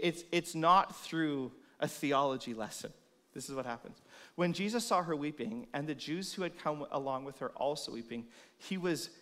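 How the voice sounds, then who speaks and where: A man preaching a sermon in a church, expressive, moving between loud emphasis and soft, hushed lines. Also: a little high. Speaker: pastor.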